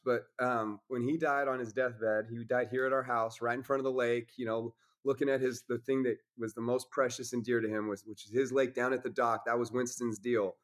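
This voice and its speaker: A man's voice: mid-range voice, flat delivery, brisk, few pauses. Intense, profane man preaching honesty. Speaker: podcast guest. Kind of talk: casual conversation.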